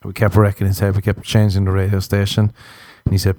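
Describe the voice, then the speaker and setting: A young Irish man tells crude, rambling comic stories in a casual monologue. His voice sits a little low and sounds mellow, and the recording is dry and close. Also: monotone, fast, no echo. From Ireland. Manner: rambling, crude, jokey storytelling with laughs.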